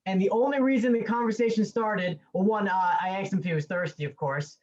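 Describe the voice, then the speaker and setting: A man's voice: high-pitched, fairly quick, darkish tone. Hesitant young man, dull lo-fi sound. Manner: hesitant, many fillers and restarts. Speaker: student. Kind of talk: casual storytelling in class.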